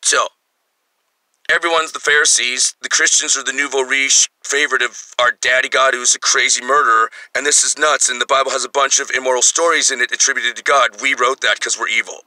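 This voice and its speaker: Sharp-voiced man in his fifties ranting. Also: mid-range voice, fairly even intonation, a little fast, no room sound, poor audio. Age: 50s. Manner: angry, profane, rambling. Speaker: vlogger. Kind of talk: ranting monologue.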